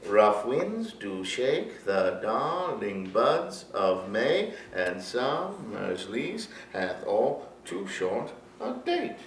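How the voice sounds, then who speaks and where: An actor playing a wistful, lovestruck 52-year-old playwright in a one-man stage monologue, reminiscing with animated storytelling. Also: fairly low pitch, very slow, exaggerated voice. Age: 50s. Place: theater stage. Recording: roomy stage sound from a far camera with faint noise.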